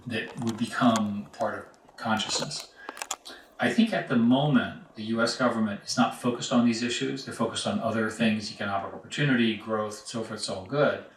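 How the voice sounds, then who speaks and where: A man answering interview questions in a measured, halting way, his voice sinking quieter as he goes. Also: mid-range voice. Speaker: interview guest. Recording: roomy, distant mic, faint hiss.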